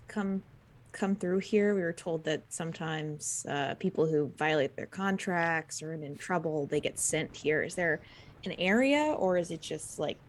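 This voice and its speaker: A woman's voice: on the low side, a little mellow. A woman playing a tabletop role-playing game, asking questions in a hesitant, inquisitive way. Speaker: player. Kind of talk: casual tabletop play.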